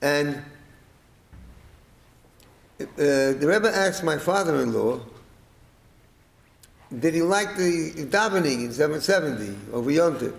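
A man's voice: a little high, slow pace, creaky, pauses often, roomy sound, poor audio. Middle-aged man telling a rambling anecdote. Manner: rambling, animated, acts out quoted speech and chanting. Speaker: storyteller. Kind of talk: telling a family anecdote to listeners.

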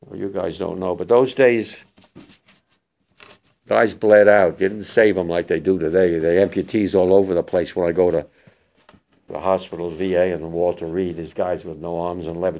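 An older man, a war veteran, gives spoken testimony to young listeners, halting and emotional with many restarts. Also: sits low, warm tone.

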